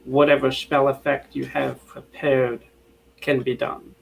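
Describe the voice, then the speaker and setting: A man running a tabletop game as game master, narrating in a halting way with frequent restarts. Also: medium pitch, little pitch movement, creaky, low-quality recording.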